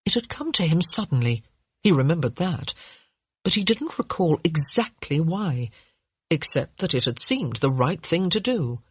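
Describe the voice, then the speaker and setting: A woman narrates an audiobook at a measured, steady pace. Her voice is lowish and slightly husky. The recording is dull and dry, with no room sound. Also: no echo.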